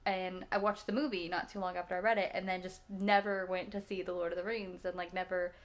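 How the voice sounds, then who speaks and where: A woman's voice: lowish voice, little pitch movement, a little fast. A woman in her twenties chatting casually about movies she just watched, rambling, laughing often and restarting her sentences. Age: 20s. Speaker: vlogger reacting to films.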